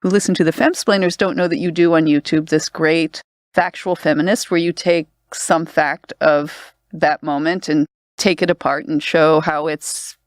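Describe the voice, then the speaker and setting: A middle-aged woman from Canada co-hosting a podcast in casual, animated chat, laughing often as she tells stories. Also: low-pitched, moderate pace, dry recording, clean studio sound. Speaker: podcast co-host. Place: recording studio.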